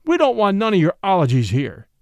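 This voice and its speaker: A man's voice: sits high, wildly swooping pitch, moderate pace, no room sound, heavily acted. A man reading aloud and voicing a blustering, bullying small-town judge who roars and scolds fiercely. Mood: snarling.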